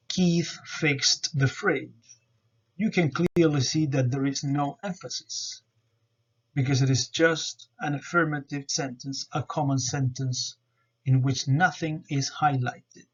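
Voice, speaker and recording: Man, student presenter, slow careful explanation, dull lo-fi recording. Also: medium pitch, slightly rough. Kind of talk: explaining grammar over slides.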